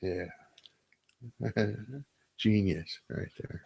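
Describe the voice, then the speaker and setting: A gravelly man with a lowish voice co-hosts a late-night podcast chat. He is opinionated and makes crude jokes, stumbling over his own restarts. The sound is dry and close. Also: steady tone, extremely slow, darkish tone, no room sound. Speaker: podcast co-host. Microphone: webcam setup.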